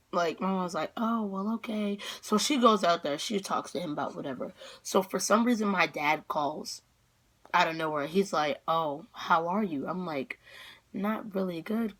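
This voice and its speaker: A female vlogger telling a dramatic story-time tale with excitable energy, packed with fillers and sudden outbursts. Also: mid-range voice.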